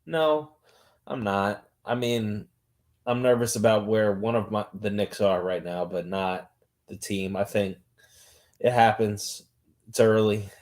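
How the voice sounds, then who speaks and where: Calm easygoing man, low voice. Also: slow pace. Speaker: podcast co-host. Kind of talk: casual sports chat.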